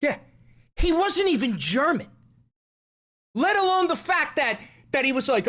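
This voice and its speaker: An American man doing live stand-up comedy on stage, with brash, crude and excitable rants. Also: very high-pitched, unhurried, pauses often. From United States.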